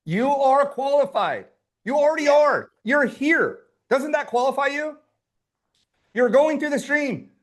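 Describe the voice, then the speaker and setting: A man with a strikingly high voice runs a live online workshop. He pushes hard and sounds fired-up, and he swears casually as he urges people on. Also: animated, a little slow. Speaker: business coach running a workshop.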